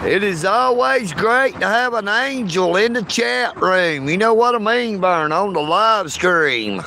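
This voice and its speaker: A Southern US man chatting on a live stream from his car, his voice pitched high with a gravelly edge. He takes his time, drawling through greetings to viewers, while a faint hum of the road sits underneath. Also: expressive, measured pace. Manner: greets chat viewers by name in an easygoing drawl. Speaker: livestreamer. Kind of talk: casual live stream chat. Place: inside a car.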